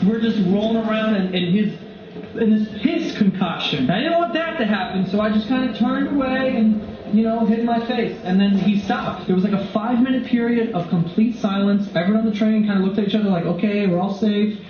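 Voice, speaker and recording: A young man and comedian vlogger telling crude, animated stories full of swearing. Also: high voice, fairly quick. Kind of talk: comedic storytelling. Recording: very echoey dull recording with noise.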